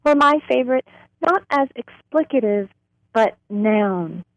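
Woman poet reading her poem real slow, dry studio sound. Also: a little high, animated, dry recording, muffled recording. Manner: slow, deliberate reading with drawn-out words. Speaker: poet guest. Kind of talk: poetry reading on radio. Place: radio studio.

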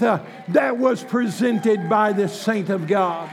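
A man with a strikingly high, gravelly voice preaches a sermon. He drops into quick, folksy asides, then climbs into shouted, fervent declarations full of rising fire.

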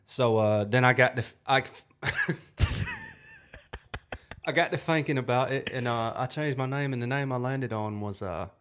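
A man's voice: mid-range voice, moderate pace, fairly bright tone, lightly acted. A man doing a rambling young British rapper. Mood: laid-back. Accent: put-on British. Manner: rambling, full of "you know". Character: young male British rapper, laid-back and boastful. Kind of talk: improvised impression game.

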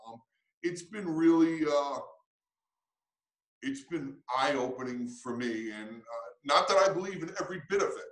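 A man speaking as a coach in an interview, earnest and reflective, often restarting his sentences. His voice sits a little high, and the room around him echoes noticeably. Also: measured pace, pauses often, a bit bright. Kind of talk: interview answers.

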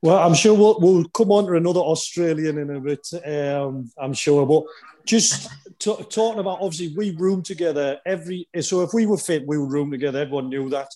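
A man with a slightly higher-than-average voice tells animated dressing-room stories in a casual chat. He hosts the conversation and chuckles as he goes. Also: a little fast. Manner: animated anecdotal storyteller, chuckles often. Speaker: podcast host and former footballer.

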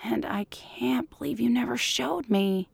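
Woman reading as a hushed middle-aged man. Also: fairly high pitch, a little slow, no echo, voice pushed up, exaggerated voice. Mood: hushed, eager. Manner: soft, breathy half-whisper. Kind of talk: audiobook fan fiction reading.

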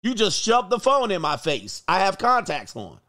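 A man's voice: high voice, wildly swooping pitch, normal speed, sharp tone, dry recording, studio quality. A man, hosting a casual livestream about dating, joking, laughing often and swearing freely. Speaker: dating coach streamer.

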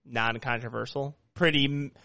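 A man's voice: medium pitch, fairly even intonation, moderate pace, vocal fry, crowd noise. Nasal-voiced man hosting a podcast. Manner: rambling, joking, lots of restarts. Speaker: podcast host. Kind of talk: casual podcast chat.

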